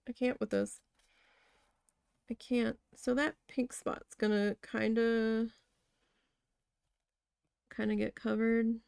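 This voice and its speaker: A woman's voice: a little high, flat delivery, slow, gravelly, long pauses, a little mellow, smooth, no echo. A woman vlogger chatting casually while she needle felts, telling stories bluntly with a lot of swearing. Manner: blunt, heavily profane storytelling. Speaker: crafting vlogger. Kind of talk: casual storytelling chat while needle felting.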